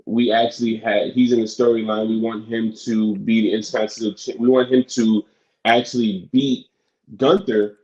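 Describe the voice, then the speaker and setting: A man co-hosting a casual talk show, halting with many restarts. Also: on the low side, little pitch movement, darkish tone, lo-fi sound. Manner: halting, many restarts, "you know what I'm saying". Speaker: podcast co-host. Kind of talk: casual chat.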